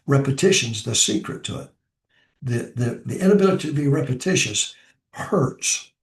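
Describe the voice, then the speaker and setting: A man's voice: mid-range voice, lively intonation, normal speed. Older man pastor, plain preaching voice, repeats himself for emphasis, echoey room. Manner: repeats key lines for emphasis. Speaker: pastor giving ministry advice. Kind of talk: informal preaching talk.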